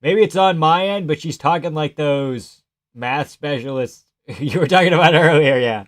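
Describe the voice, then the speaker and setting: A male streamer talks his way through a fight card in loose, unscripted commentary. His voice sits a little higher than most men's, and his remarks come out sarcastic, blunt and full of swearing. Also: moderate pace, fairly bright tone. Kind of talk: casual live fight-watching commentary.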